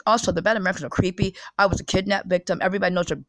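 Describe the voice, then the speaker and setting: A self-published video speaker addresses her viewers directly in a rambling, rapid-fire monologue, her medium-pitched voice fairly bright and evenly intoned. She halts, restarts, repeats words, and grows insistent and agitated. The recording is dry.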